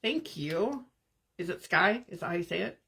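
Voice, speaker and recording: With a fairly low, husky voice, a woman guides her live stream audience as a spiritual coach. She speaks calmly and meditatively with pauses and addresses the comments viewers leave.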